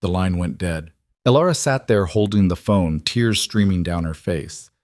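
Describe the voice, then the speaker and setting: A man giving measured, scripted story narration. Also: sits low, expressive, darkish tone, no echo, clean studio sound.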